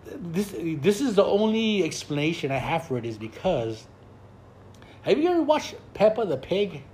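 An older man with a high-pitched voice rambles through a story among friends, cursing freely and repeating himself as he goes. His tone is loose and conversational, and he often stumbles over his own words before landing the punchline. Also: very animated, normal speed, darkish tone, slight background noise. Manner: profane, rambling, laughing storyteller. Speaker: storyteller in a group chat. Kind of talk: casual chat.

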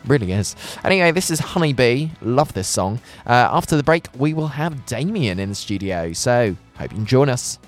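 A man's voice: mid-range voice, very animated, moderate pace, few pauses, faint music behind. A young man hosting a radio show, rambling through self-mocking anecdotes in a chatty studio style.

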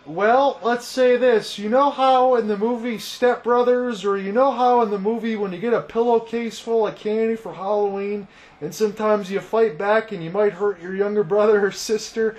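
A man doing play-by-play baseball commentary, talking through each pitch in a steady analytical way and then getting loud and excited on big hits. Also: normal speed. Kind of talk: fan broadcast baseball commentary.

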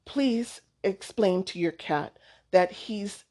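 Steady elderly grandfather, measured and unhurried, read by a woman in a storybook. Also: mid-range voice. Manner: measured, unhurried, gently instructive.

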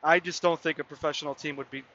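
A podcast host in his mid-twenties talks fast in a steady, pushed, bright voice on the high side. He tells a loose, rambling story peppered with "I mean" and "you know." The recording sounds muffled, with a little hiss or hum.

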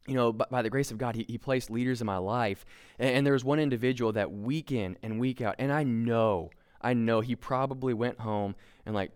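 Smooth-voiced man preaching casually. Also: medium pitch. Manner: conversational, many fillers and restarts, self-deprecating humor. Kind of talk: casual sermon.

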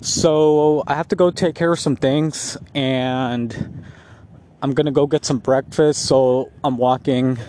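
A man vlogging while walking outside, rambling and laughing often, a bit high. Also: slight background noise. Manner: rambling, laughs often, slow relaxed talk. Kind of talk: casual walking vlog. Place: outdoors on a street.

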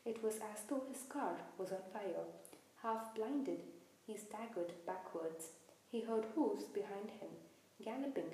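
A woman reads a storybook aloud in a measured, expressive way, her voice mellow and warm. It echoes strongly around the room, with a faint hiss underneath. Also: on the high side. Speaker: audiobook narrator. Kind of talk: storybook narration.

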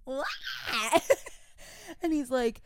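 A woman's voice: high-pitched, extremely slow, no room sound, shouting, clean studio sound. A woman in her twenties, co-hosting a podcast, telling a story in casual chat full of "like" and laughter. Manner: storytelling, animated with frequent laughs and "like". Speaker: podcast co-host.

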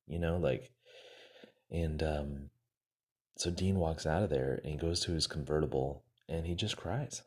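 A man's voice: extremely low pitch, fairly even intonation, moderate pace, darkish tone, breathy edge. A man casually retelling a success story to motivate his listeners, acting out the quoted lines and using many fillers.

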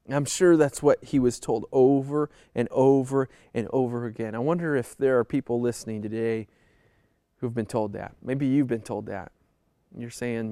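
A man's voice: mid-range voice, moderate pace, dark tone, clean tone, dry recording, clean studio sound. A man giving an earnest, conversational sermon as a pastor, leaning into pleading emphasis.

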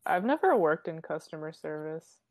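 A young woman in a casual chat with friends, speaking in a dry, low-key way. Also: sing-song, normal speed, no echo.

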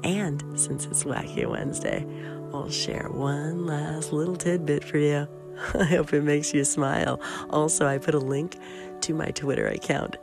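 A sick woman hosts her own podcast in a chatty, affectionate monologue, laughing easily. Her voice carries a gravelly fry. Faint music plays beneath her. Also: sits low, big pitch swings, a little slow. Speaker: podcast host.

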